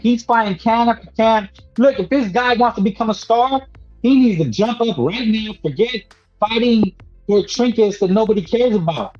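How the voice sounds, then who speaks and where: High-voiced man ranting about boxing. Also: darkish tone, lo-fi sound. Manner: emphatic and preachy, repeats himself, peppers lines with "man". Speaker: boxing talk show host. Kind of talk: casual boxing commentary monologue.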